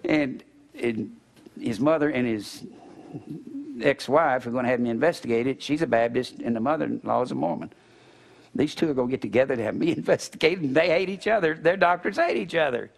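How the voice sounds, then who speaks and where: A middle-aged man, preaching a sermon in church in a folksy storytelling way, acting out other people's words and swinging between loud and soft. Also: mid-range voice, fairly quick, gravelly. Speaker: pastor.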